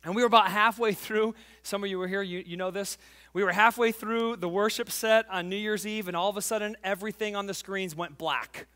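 A man in his forties preaching a sermon as pastor, fervent and emphatic, telling a family story and dropping to quiet intimacy. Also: sits high, steady tone, brisk. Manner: tells a family story, acting out the voices.

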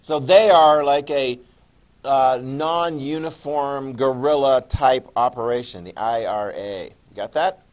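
A man's voice: mid-range voice, slow. A man teaching a history class, talking casually and checking in with his students often. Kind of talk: classroom lecture.

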